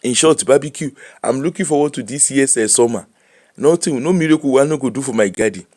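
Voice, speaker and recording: Brief: middle-aged nigerian man, pidgin accent, chatty livestream host, animated, laughs easily. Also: medium pitch, brisk. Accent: Nigerian Pidgin English. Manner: animated, laughing, switching between Pidgin and English. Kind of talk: casual live-stream chat.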